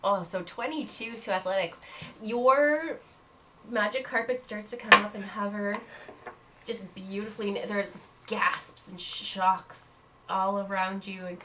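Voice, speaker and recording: A woman narrating as game master in an animated storytelling manner. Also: mid-range voice, a little slow, background noise.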